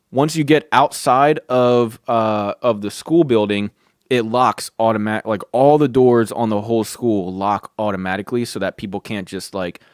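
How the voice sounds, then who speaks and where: A man's voice: on the low side, clear, resonant tone, no echo, studio quality. A young man hosting a podcast, telling a long casual story in a rambling way, swearing often and saying "dude" and "like" constantly. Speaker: podcast host. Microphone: close studio mic.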